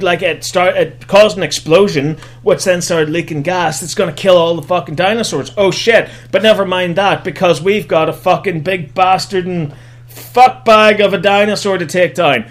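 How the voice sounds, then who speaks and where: High-voiced guy ranting sarcastic through a movie plot, swears nonstop. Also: normal speed. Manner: animated and sarcastic, heavy swearing. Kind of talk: profane comedic movie recap.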